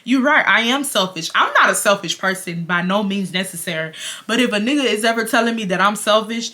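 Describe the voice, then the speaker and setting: A woman's voice: mid-range voice, a little fast, bright, forceful tone. A woman in her twenties from Houston, Texas, telling a personal story to her viewers in a blunt, profane, casual way. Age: 20s. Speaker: storytime vlogger.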